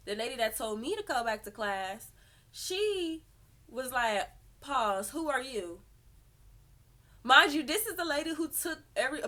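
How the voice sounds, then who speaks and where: Young woman, slightly high and bright, storytime vlogger who acts out every quote. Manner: animated, profane, acts out quotes. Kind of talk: storytime vlog.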